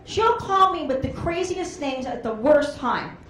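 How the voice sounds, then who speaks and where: Brash high-voiced woman comedian. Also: expressive, a little slow, fairly bright tone, slight background noise. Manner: brash, rambling storytelling with quoted voices. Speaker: stand-up comedian. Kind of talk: stand-up comedy set. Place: comedy club stage. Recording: echoey club room.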